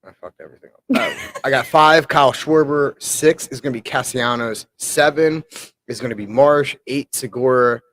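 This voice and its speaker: A young man co-hosting a casual sports podcast, gruff and exasperated, swearing casually. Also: medium pitch, moderate pace, fairly bright tone, no echo. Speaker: podcast co-host.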